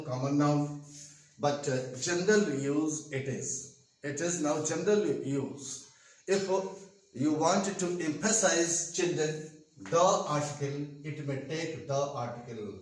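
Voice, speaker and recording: An older man from India, a retired English teacher, explaining grammar slowly at a whiteboard with an Indian English accent and many hesitant pauses. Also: fairly high pitch. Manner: slow, repetitive explaining with frequent hesitations. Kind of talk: classroom grammar lesson. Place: classroom with whiteboard. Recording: echoey room, far from the mic.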